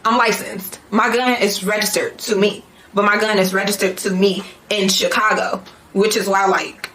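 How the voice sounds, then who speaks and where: A young woman vlogger telling a story in a casual, animated way, full of slang and swearing. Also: medium pitch, moderate pace, a little hiss or hum. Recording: echoey room.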